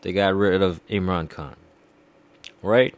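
Slow, heated swearing man. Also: low-pitched, fairly even intonation. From India. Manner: heated, swearing, repeats himself. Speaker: commentator. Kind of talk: profane political rant.

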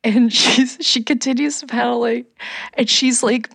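Woman, casual storyteller, lively, loud quoted shouts, dry close sound. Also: on the high side, a little slow, gravelly, breathy edge, no room sound. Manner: animated, swearing, laughs mid-story, shouts quoted lines.

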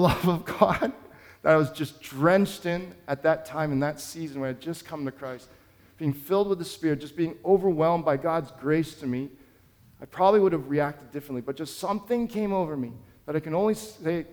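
A man's voice: on the high side, a little mellow, big-room sound. A man preaching a sermon as pastor, telling a story in an earnest, conversational way.

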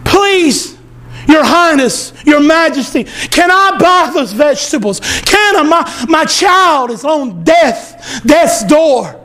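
A man's voice: extremely high pitch, big pitch swings, slow pace, exaggerated voice. A preacher voicing a poor, desperate mother begging a prince for help. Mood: desperate pleading. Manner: pleading, breaking into a shout.

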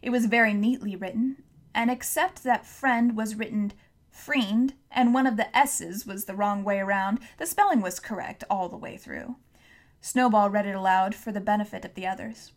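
A woman reading a classic novel aloud as audiobook narrator, telling the story steadily and clearly. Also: medium pitch, normal speed. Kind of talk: scripted narration.

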